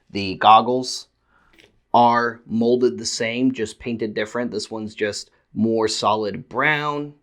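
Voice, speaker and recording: A man talks through a toy review in a casual, unscripted way. His voice sits a little low, and he stammers and repeats words as he goes. He moves between heated ranting and sheepish apology. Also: a bit bright.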